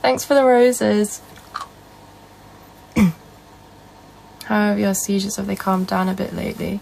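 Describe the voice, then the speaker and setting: A young woman with a Northern English accent chats casually on a livestream, answering viewers' comments. Her mid-range voice is slow, slightly mellow, with vocal fry, on a low-quality recording with a little hiss or hum.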